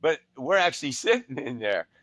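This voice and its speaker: Older man, podcast co-host, relaxed rambling delivery, mid-pitched voice, dry close sound. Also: moderate pace, no room sound. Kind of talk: casual storytelling chat.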